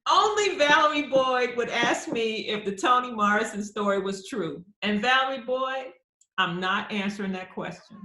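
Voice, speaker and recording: At a virtual book launch, a woman poet answers audience questions conversationally, animatedly acting out quoted voices as she tells stories. Her fairly high voice moves at a moderate pace through a computer mic on a video call, with a roomy echo.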